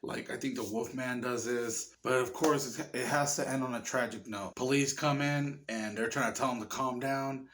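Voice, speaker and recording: A man reviewing a horror movie in a casual, rambling way, swearing often and getting excited. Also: medium pitch, normal speed, hardly any pauses. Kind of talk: casual chat.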